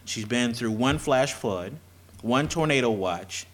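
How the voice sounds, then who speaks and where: A man giving a joking, halting introduction of his wife at a campus event. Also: mid-range voice, expressive. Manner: joking, halting delivery with many fillers. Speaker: presenter's husband introducing her. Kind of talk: introduction speech at a public event.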